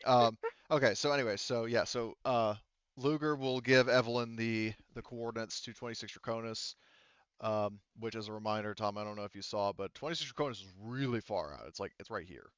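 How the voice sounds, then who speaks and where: A fairly low, quick male voice with a clean, rather bright tone and no echo runs a tabletop game as game master. He rambles through his explanations, full of fillers and restarts. The online call audio is dull and lo-fi.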